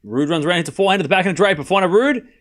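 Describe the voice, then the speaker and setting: Talking rapid-fire in a high-pitched voice, a man hosts a live tennis watchalong stream. He's excitable, calling every point as play-by-play commentator and cracking joking asides in between.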